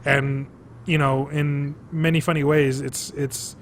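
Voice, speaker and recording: Animated, cursing man on a podcast. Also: on the high side, takes it slowly, slight background noise. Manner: animated, swears freely, lots of fillers. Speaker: podcast co-host. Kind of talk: casual chat over drinks.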